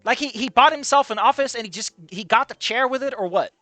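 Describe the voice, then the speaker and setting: A man's voice: extremely high pitch, fast, sharp tone, no room sound, soft background music. A man reading a story aloud casually and commenting on it with sarcastic, swearing asides. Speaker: reader and commentator.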